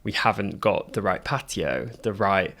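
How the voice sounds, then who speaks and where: A man's voice: sits low, lively intonation, measured pace, vocal fry, a bit bright. A man co-hosting a design podcast, chatting casually with many fillers. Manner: chatty, filler-heavy with frequent "like". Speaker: podcast co-host. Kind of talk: casual chat.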